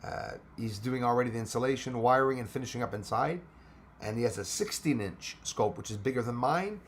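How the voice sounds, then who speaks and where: Speaking briskly in a mid-range voice, a Quebec-accented man runs a relaxed livestream on a space channel with slight background noise. He talks with viewers, swears without holding back, and alternates between English and French.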